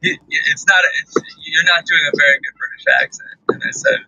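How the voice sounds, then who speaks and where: A man's voice: a little high, fairly even intonation, brisk, pushed and bright, no room sound, highs cut off. A man being interviewed as an actor guest, laughing often and restarting his sentences. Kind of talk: talk-show interview chat.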